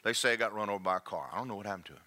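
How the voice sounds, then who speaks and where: An older man preaching a sermon, swinging between hushed asides and slow, emphatic lines. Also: fairly low pitch. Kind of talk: sermon with personal testimony.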